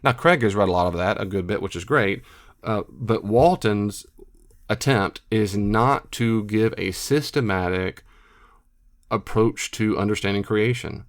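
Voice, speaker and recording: Emphatic lower-voiced male scholar. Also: unhurried. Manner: emphatic, repeats himself, animated asides. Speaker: biblical scholar and lecturer. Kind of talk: unscripted monologue.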